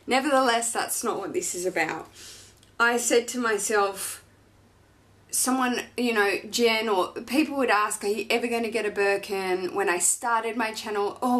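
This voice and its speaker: A woman's voice: medium pitch, normal speed, a bit bright. A woman in her thirties, a fashion vlogger, talking in a gushing, chatty and emotional way as she unboxes and shares personal news. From Australia. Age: 30s.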